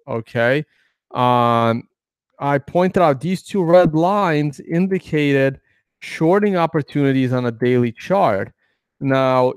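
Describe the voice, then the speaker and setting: A man's voice: a little high, dry recording, studio quality. A man hosting a casual trading video, talking through charts in a rambling way, with many fillers and restarts. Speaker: crypto trading video host. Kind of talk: casual chart analysis commentary.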